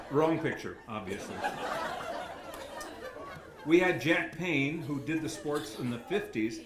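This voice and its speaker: Older man rambling through a banquet speech. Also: fairly high pitch. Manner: rambling, anecdotal, self-deprecating, chuckling. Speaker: retired sportscaster giving an acceptance speech. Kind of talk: after-dinner acceptance speech. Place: banquet hall. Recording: echoey hall with faint room noise.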